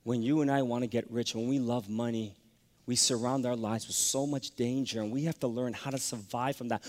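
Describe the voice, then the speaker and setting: A man preaching a sermon, telling a personal story that swings from hushed to loud. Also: medium pitch, fairly even intonation, brisk. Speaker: pastor. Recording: long hall reverb.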